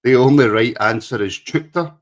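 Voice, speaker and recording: A man's voice: medium pitch, normal speed. A man co-hosting a podcast, chatting casually, laughing often and reading out viewer comments. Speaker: podcast co-host. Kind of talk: casual chat.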